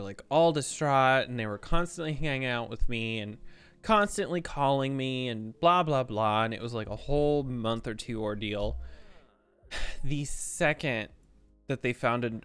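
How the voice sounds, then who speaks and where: Brief: a male streamer with a middle pitch, candid and rambling, lots of restarts. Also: measured pace, a bit bright, clean tone, soft background music. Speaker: game streamer. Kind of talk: casual chat while streaming.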